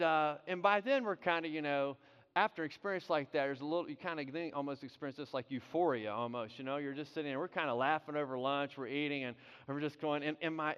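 A man preaching a sermon, telling a story in an animated way, often repeating and restarting his words. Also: a little high, clear, resonant tone. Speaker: pastor. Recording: dull sound with long hall reverb.

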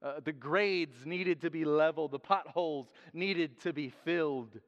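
A man preaching a sermon in a lively, joking way, acting out quotes in different voices. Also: fairly high pitch, measured pace. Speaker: pastor. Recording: dull sound with long hall reverb.

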